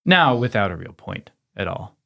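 A man's voice: fairly low pitch, sing-song, normal speed, gravelly, fairly bright tone. A man co-hosting a podcast in casual chat, telling his memories in a chatty, upbeat way. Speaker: podcast co-host.

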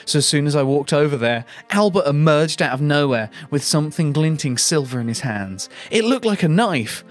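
A man's voice: lively intonation, normal speed, faint music behind. A man voicing a distraught woman in her thirties, reading her lines in a melodramatic way. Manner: melodramatic, high put-on voice.

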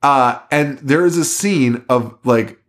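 A man's voice: medium pitch, slow pace. A man co-hosting a horror podcast in casual chat, ranting with lots of swearing and laughter. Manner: profane, ranting, laughing often. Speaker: podcast co-host.

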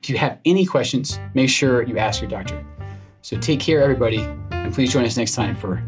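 A man with a Scottish accent co-hosting a medical podcast, speaking in a measured, thoughtful way. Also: mid-range voice, animated, over music. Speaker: podcast co-host, doctor. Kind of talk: casual podcast chat.

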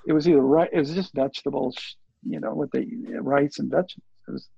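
An older man tells a rambling story as an interview guest, slipping into the voices of the people he quotes. His voice sits a little high, with a gravelly, breathy rasp. The sound is dry and dull, like a lo-fi recording. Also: quick pace, no room sound. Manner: rambling, animated, acts out quoted dialogue. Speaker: interview guest, surf filmmaker. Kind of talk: casual storytelling. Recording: dull lo-fi audio.

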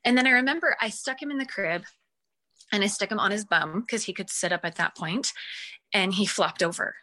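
A woman guest on an interview, telling the story of her young son in an animated way and acting out her own past reactions. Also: mid-range voice, brisk. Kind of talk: emotional personal storytelling.

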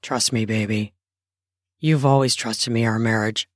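A woman voicing a grown husband who coaxes and reassures his wife in a low, soft voice, in improvised erotic storytelling. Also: steady tone, unhurried, dry recording, clean studio sound. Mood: coaxing. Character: husband Jasper, a coaxing, reassuring grown man.

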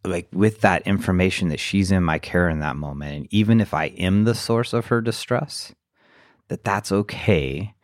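A man co-hosting a podcast, talking in a reflective, halting way with lots of fillers. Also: low voice, no room sound, clean studio sound. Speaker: podcast co-host. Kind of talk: casual podcast chat.

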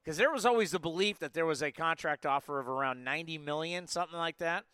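A man in his forties hosts a live sports show in a bright, forceful voice that stays smooth and crisp. His pitch sits a bit high for a man. He talks with energy and rambles through plenty of asides. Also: quick pace, no echo. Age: 40s. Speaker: sports podcast host. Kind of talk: casual live sports talk.

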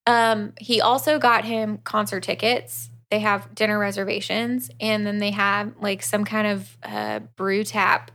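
A woman's voice: medium pitch, animated, unhurried, a bit bright. A woman co-hosting a podcast, recapping a book in casual chat. She acts out the characters' lines and swears freely. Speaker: podcast co-host.

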